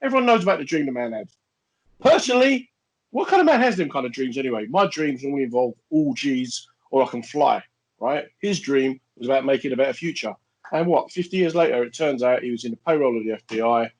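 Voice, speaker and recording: A man's voice: medium pitch, lively intonation, quick pace, low-quality recording. A middle-aged man co-hosting a casual podcast, telling stories in a blunt, brash, joking way. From Irish background. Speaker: podcast co-host. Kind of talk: casual chat, storytelling.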